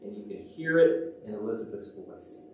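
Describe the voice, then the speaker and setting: A man preaching a sermon as pastor, telling stories animatedly and dropping from loud to hushed. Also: lowish voice, expressive, normal speed, a little hiss or hum. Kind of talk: sermon with storytelling. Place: church sanctuary. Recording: very echoey church from a distant mic.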